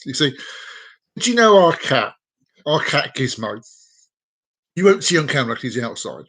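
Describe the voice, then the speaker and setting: A man's voice: mid-range voice, sing-song, moderate pace, fairly bright tone, breathy edge. A man hosting a live-streamed comedy show, rambling, self-mocking and repeating words as he tells jokes. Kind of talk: live-streamed joke telling.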